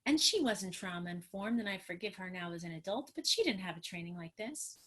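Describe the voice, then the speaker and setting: Speaking a little fast at a medium pitch, this middle-aged woman, a trauma therapist, delivers a lively, emphatic webinar on a video call. She plays out what parents and kids say, and the sound comes through a computer microphone.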